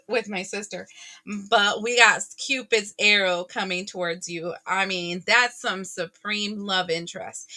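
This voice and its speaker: A woman giving a casual tarot reading to her viewers, chatty and animated, often laughing and exclaiming. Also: medium pitch. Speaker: tarot reader.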